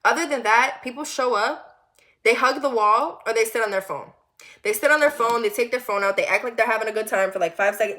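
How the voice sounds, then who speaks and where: A young woman from the US Northeast telling a personal story in a casual, animated way, acting out quotes and dropping to low murmurs. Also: fairly quick. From Connecticut. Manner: animated and candid, acts out quoted lines, drops to low murmurs.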